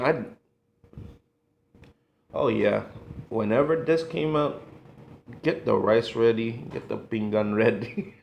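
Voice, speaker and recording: Slow, gravelly middle-aged man, echoey room. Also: fairly low pitch. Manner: emotional, halting, sighing, nostalgic. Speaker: food vlogger. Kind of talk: casual reminiscing monologue.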